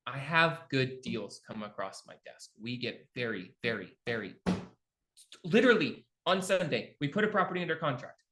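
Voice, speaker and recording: A man's voice: mid-range voice, animated, normal speed, pushed and bright. A middle-aged man coaching a live online class on real estate investing, telling stories and acting out both sides of his phone calls. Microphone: video call.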